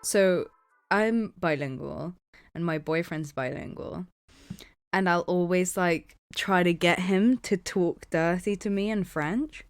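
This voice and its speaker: A woman's voice: on the low side, slow, clean tone, soft background music. A woman co-hosting a podcast in casual chat, rambling with lots of fillers and laughing often as she tells stories. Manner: giggly, laughs often mid-story. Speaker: podcast co-host.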